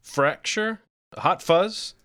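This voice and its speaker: A man's voice: sits high, drawn-out words, bright, forceful tone, smooth. A man co-hosting a podcast in casual movie chat, playful, spinning absurd riffs and reading lists aloud. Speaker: podcast co-host.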